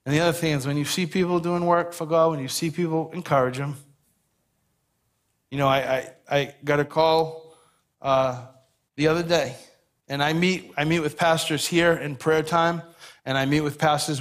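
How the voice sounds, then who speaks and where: A man's voice: a little high, fairly bright tone. A man preaching a sermon as pastor, earnest and conversational, telling stories on himself with a self-deprecating touch.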